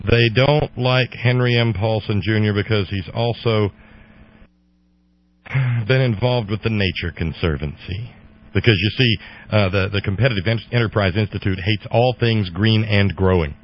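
A middle-aged male radio host with a lowish voice rambles through a political monologue, restarting his sentences and reaching for fillers. He turns sarcastic and gets loud when he mocks his targets. The sound is dull and lo-fi, like an old radio broadcast. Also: moderate pace. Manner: sarcastic, loud mocking outbursts. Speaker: radio talk show host.

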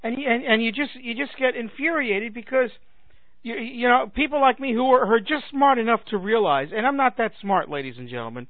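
Sarcastic talk host, man, high voice, phone-thin dry audio. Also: no room sound, phone-quality sound. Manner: sarcastic ranting with mocking put-on voices. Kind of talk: comedic monologue.

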